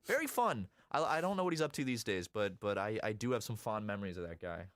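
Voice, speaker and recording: A man telling animated stories in a casual chat while gaming. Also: fast talker, dry recording, clean studio sound. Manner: animated storyteller, lively swings in pitch. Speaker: co-host.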